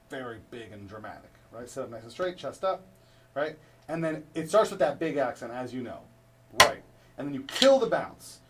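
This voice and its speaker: A male drum instructor giving a hands-on lesson, coaching step by step and checking in with "right?" after each point. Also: a little high. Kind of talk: instructional demonstration. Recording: distant mic with clear background noise.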